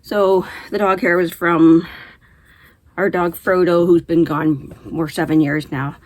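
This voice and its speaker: Chatty middle-aged female vlog host, slightly low voice, relaxed and rambling. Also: slow. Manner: chatty, rambling, laughs easily. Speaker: knitting podcast host. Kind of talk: casual chat to camera.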